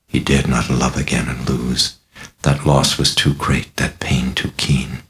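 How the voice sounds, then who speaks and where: A man narrating his own novel as an audiobook in a measured, grave, dramatic reading. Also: very deep voice, little pitch movement, fairly bright tone.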